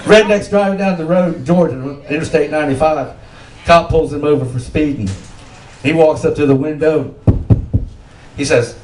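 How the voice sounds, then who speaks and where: A man's voice: on the high side, normal speed, long pauses, darkish tone, a little hiss or hum. A man telling dirty jokes to a small group, laughing at them himself and quizzing his listeners. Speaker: joke teller. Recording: roomy, far from the mic, faint ambience.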